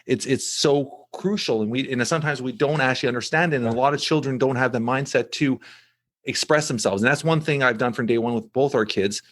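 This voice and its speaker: Middle-aged guy hosting a podcast, animated story, lots of and-and restarts, mid pitch. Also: fairly quick. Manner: animated storyteller, many restarts and repeated words. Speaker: podcast host. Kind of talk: casual podcast conversation.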